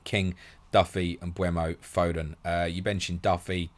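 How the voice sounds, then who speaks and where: Low-voiced guy on a live stream, reads out questions, answers quick and matey. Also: level tone. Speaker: podcast host.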